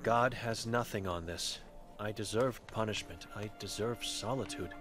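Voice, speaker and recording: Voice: mid-range voice, unhurried, over music, lightly acted. A game voice actor playing an old blind, mute woman who speaks in grim, clipped fragments. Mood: guilt-ridden. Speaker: game character.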